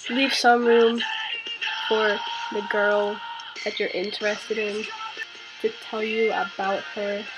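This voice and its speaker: A woman's voice: medium pitch, flat delivery, takes it slowly, pauses often, over loud music, rough recording. A teenage girl vlogging, telling a story with exasperated sarcasm. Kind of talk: casual ranting vlog.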